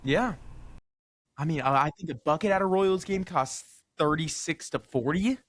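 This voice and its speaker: A man's voice: fairly high pitch, normal speed. A man co-hosting a radio sports talk show, bringing prepared topics and asking questions with a careful, hedging manner. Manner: prepared, asks questions, hedges with "I think".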